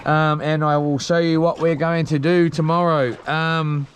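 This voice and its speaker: A young man with a New Zealand accent talks on a live stream from a small boat at sea. He reads out viewer comments in a slangy, rambling way, in a high voice that takes its time. A faint hiss sits behind him. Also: flat delivery, a little slow. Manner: laid-back, slangy, rambling with fillers. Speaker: livestreamer.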